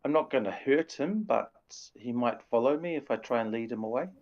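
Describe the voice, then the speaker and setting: A man's voice: mid-range voice, a little fast. A man playing in a tabletop game, speaking casually and a bit tentatively. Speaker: player. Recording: dull lo-fi sound.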